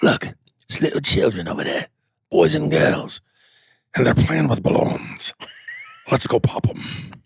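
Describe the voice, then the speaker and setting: A man doing a celebrity impression of a gruff, menacing male action-movie tough guy who makes pleasant chatter sound threatening. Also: mid-range voice, unhurried, long pauses, no echo, exaggerated voice. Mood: menacing calm. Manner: deadpan menace over cheerful small talk.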